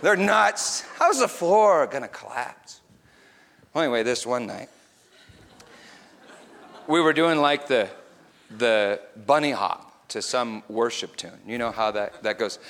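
Lively, bright-voiced man preaching. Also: fairly high pitch, normal speed, pauses often. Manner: animated, swings between quiet reflection and excited storytelling. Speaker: pastor. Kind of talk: sermon with personal storytelling.

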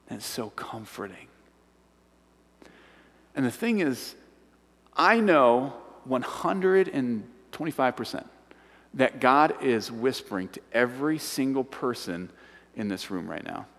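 A man preaching a sermon to a congregation. He acts out voices and swings from excited shouts down to hushed whispers. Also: medium pitch, measured pace, long reverb tail, a little hiss or hum. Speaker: pastor. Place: large church hall.

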